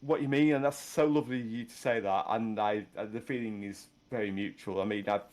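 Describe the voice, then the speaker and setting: A man from Yorkshire with a Yorkshire accent and a slight lisp, chatting casually as a podcast host and deliberately slowing his speech. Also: on the low side, fairly even intonation, a little mellow. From Yorkshire, England. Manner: deliberately slowed, chatty, self-deprecating. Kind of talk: casual chat.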